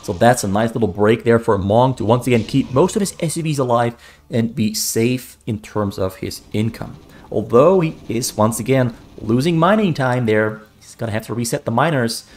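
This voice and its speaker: A man's voice: mid-range voice, expressive, darkish tone. Man casting a strategy game solo. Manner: brisk running commentary, repeats key phrases for emphasis. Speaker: esports caster. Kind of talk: solo play-by-play game commentary.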